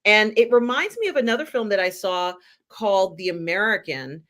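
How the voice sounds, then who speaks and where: Chatty lady hosting a live pop culture show, lots of ums, sharp bright tone. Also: medium pitch, animated, moderate pace. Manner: rambling, chatty, many fillers. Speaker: host. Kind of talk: casual pop culture chat.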